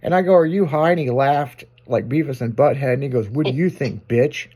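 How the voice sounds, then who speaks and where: A man's voice: mid-range voice, brisk, mellow. Brief: male talk show regular, rowdy storyteller, curses freely, laughs through his anecdotes. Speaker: shop owner telling stories on a show. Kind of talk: casual storytelling chat.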